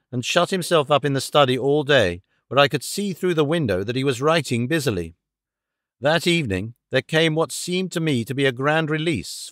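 A man narrating a classic story as an audiobook reader, with a measured storytelling delivery. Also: on the high side, fairly bright tone, no echo, studio quality. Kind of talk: scripted narration.

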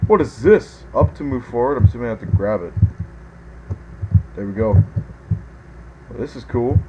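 A man giving let's play commentary as a gaming video host, excitable, yelping and groaning at every mishap. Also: medium pitch, a little slow, lo-fi sound, background noise.

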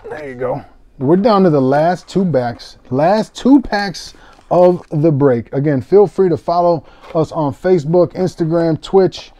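A young man casually commentating a live sports-card break, excitable and self-mocking, swearing freely. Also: medium pitch, dry recording.

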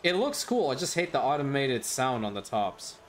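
A man's voice: medium pitch, sing-song, moderate pace, faint music behind. A man hosting a gaming channel, chatting loosely over his gameplay with plenty of fillers and chuckles. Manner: rambling, with frequent fillers and chuckles. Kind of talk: casual gameplay commentary.

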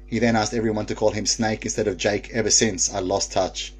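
A man's voice: lowish voice, fairly even intonation, a little fast, slightly rough. A man hosting a casual live stream, reading viewer comments aloud and laughing often.

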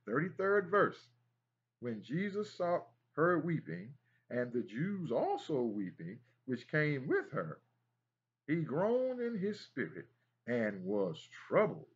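A man's voice: medium pitch, wildly swooping pitch, measured pace, fairly bright tone, husky, dull audio. A man teaching a Bible study in an emphatic preaching style, repeating phrases and exclaiming as he goes.

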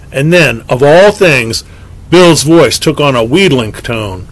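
A man reading a story aloud with expressive, lively delivery as a scripted narration. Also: medium pitch, measured pace, rough recording. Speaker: audiobook narrator.

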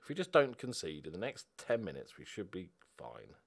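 A young man giving a football video game live commentary, excitable and sweary, moving between quiet muttering and loud outbursts. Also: low voice, a little fast, creaky. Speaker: gaming video host.

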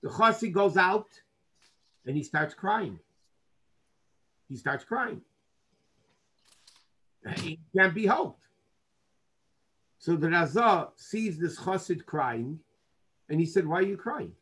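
A man's voice: on the high side, lively intonation, takes it slowly, long pauses, bright, forceful tone, husky, poor audio. A man, a rabbi, teaching a Torah class through earnest storytelling, dropping in Hebrew and Yiddish terms.

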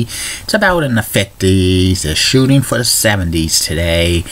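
A man hosting a casual morning video blog, reading a chatty rundown of news items and trivia with small restarts. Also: low voice. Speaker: video blogger.

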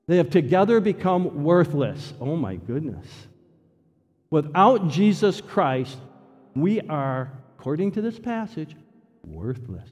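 A man preaching a sermon in a church, emphatic, repeating key phrases and swinging between loud declarations and hushed asides. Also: a little high, very animated, unhurried, lo-fi sound. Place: church sanctuary. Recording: long church reverb.

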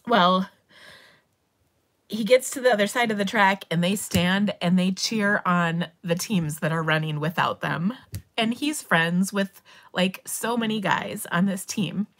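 A woman's voice: mid-range voice, unhurried. Tearful middle-aged woman telling a story. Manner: emotional, tearful retelling with rising excitement. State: crying. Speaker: craft channel host. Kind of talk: casual livestream storytelling.

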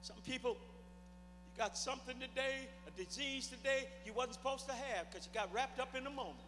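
A man's voice: extremely high pitch, moderate pace. A middle-aged man, a bishop, preaching a fervent sermon with repeated, stammered restarts in a large church. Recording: echoey hall with music behind.

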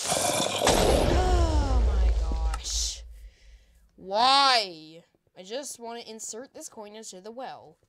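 A woman giving excitable live gameplay commentary, with frequent panicked cries and laughter. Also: a little high. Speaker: gaming video creator. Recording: loud background noise.

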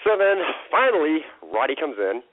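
A man telling stories as an interview guest, lively and laughing often, acting out the people he quotes. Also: fairly high pitch, moderate pace, no echo. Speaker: guest, wrestling impersonator. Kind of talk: animated storytelling interview. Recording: tinny phone-quality line.

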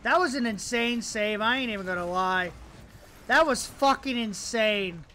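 A man's voice: high voice, unhurried, a little hiss or hum. A young man swearing and ranting while commenting on his own gameplay at his computer, mocking himself and his opponents. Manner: excitable, profane, self-mocking outbursts. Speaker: gamer. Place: at a home computer.

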